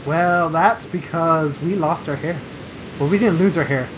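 A man's voice: fairly high pitch, measured pace. A man in casual chat, rambling and playfully quizzing the other person with trivia facts. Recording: noisy background hiss.

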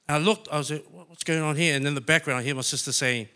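Bright higher-voiced guy from new zealand, emotional church testimony. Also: rapid-fire. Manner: heartfelt, emotional storytelling. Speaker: church member sharing testimony. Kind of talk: personal testimony.

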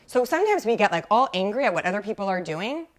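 With a mid-range voice that swings widely in pitch and moves at a quick pace, a woman runs a live coaching talk aimed at mothers. She chats away as a mom life coach, welcoming viewers by name and tossing in lots of "right?" and "like".

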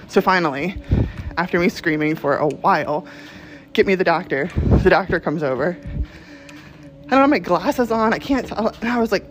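A woman telling a casual storytime to camera, animated, laughing often and swearing freely. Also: fairly low pitch, normal speed, over music, low-quality recording.

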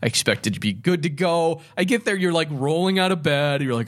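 A man's voice: fairly high pitch, lively intonation, brisk. A man co-hosting a casual chat, teasing his friend with mock exasperation. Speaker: podcast co-host.

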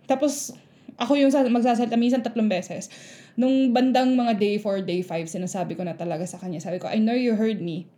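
A woman's voice: on the high side, fairly even intonation, fast, dark tone. A woman, a teacher telling a story in casual chat and acting out the people in it. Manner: mixes languages, acts out quoted kids and adults.

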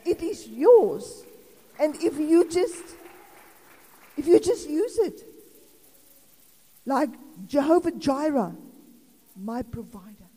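A woman's voice: high-pitched, sing-song, slow, long pauses, warm tone. A South African woman in her sixties preaching an informal sermon in a chatty, rambling way with laughing asides. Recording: long reverb of a hall.

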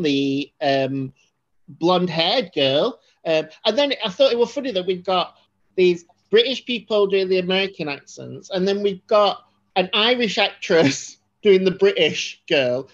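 A woman co-hosting a podcast talks through a film in casual, rambling chat. She restarts her sentences often and gets animated. The audio is a little dull and lo-fi. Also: on the low side, a little slow. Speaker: podcast co-host.

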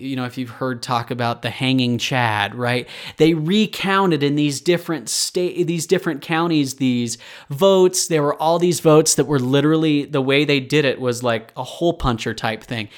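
A man in his twenties hosting a history podcast, chatty and rambling, often correcting himself and sounding a bit tired late at night. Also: mid-range voice. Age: 20s. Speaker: podcast host. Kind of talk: casual history podcast talk.

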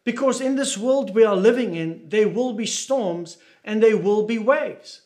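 A man's voice: sits high, measured pace, warm tone. A man preaching a sermon with emphatic delivery, repeating key phrases and asking the listeners questions.

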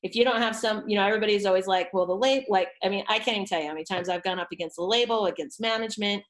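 A woman voice coach chatting on a podcast, telling lively stories and acting out what she said to clients. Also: medium pitch, racing, poor audio. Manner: animated storyteller, acts out quotes. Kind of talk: casual podcast chat.

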